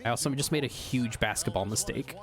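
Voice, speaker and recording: A young man chatting casually while playing a basketball video game, talking in a relaxed, low-effort way and laughing often. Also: brisk, a crowd in the background. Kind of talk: casual chat while gaming.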